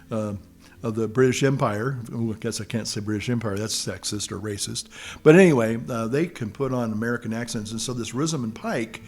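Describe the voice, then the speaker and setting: A man hosting his own channel, talking through a film in a casual, rambling monologue that often halts and restarts while he hunts for words. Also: medium pitch. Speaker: channel host.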